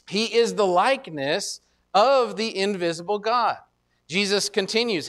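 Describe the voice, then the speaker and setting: A male pastor preaching a sermon in a conversational way, often restarting phrases with repeated words and slowing down to stress scripture. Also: high voice, a bit bright.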